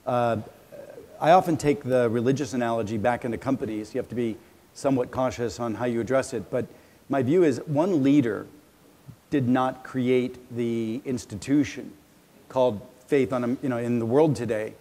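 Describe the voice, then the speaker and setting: Energetic man moderating a stage talk. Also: medium pitch, normal speed. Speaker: interviewer and moderator. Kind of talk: live stage conversation.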